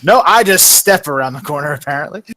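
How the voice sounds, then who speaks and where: A man's voice: fairly high pitch, lively intonation, fast talker, sharp tone, dry recording. A man playing a tabletop game, asking careful questions and stating his actions. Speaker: player.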